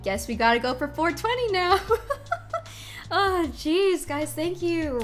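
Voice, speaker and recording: A woman's voice: very high-pitched, expressive, slow pace, faint music behind. A woman streamer chatting with her viewers, giggly and effusive, exclaiming often. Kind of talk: live-stream chat with viewers.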